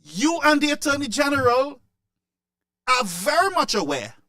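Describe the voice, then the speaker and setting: A man delivers impassioned political commentary in a high, bright voice. He repeats himself and stumbles through restarts as he presses each point. The sound is dry and close. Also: very animated, moderate pace, dry recording. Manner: emotional, repetitive, stammering restarts.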